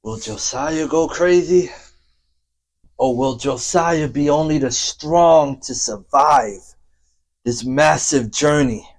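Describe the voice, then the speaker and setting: A man narrating his own story dramatically, in a slow, theatrical way that dips into whispers and chuckles. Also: a little high.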